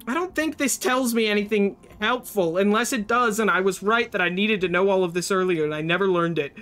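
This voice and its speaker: Jittery high-voiced young man streaming. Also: normal speed, pushed and bright, soft background music. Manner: jittery, panicky, talks to chat. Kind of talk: live gameplay commentary.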